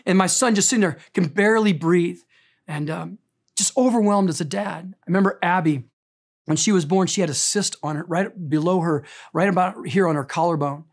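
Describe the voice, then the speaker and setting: A middle-aged pastor's sermon moves through earnest, emphatic stories, rising to intensity and sinking to quiet tenderness. He has a high-pitched voice and a fairly quick pace.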